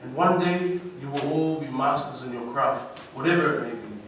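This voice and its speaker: A man with a New Zealand accent giving an inspirational graduation speech, slow and emphatic, heard from far off through a hall's speakers. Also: mid-range voice, a bit bright, a little hiss or hum. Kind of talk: ceremonial speech. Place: large school hall. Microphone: PA microphone, recorded from the audience. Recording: echoey hall from far off.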